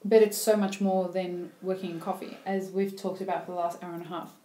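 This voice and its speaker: A woman's voice: on the low side, flat delivery, brisk, mellow. A woman hosting a podcast, playful and chatty, with casual slang. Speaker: podcast host. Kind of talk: casual chat. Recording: echoey room.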